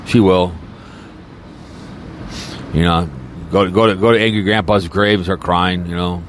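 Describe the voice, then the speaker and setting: A man's voice: sits low, fairly even intonation, unhurried, slight background noise. A man podcaster in a rambling, crude and mocking casual rant, talking from a car. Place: in a car, snowy weather.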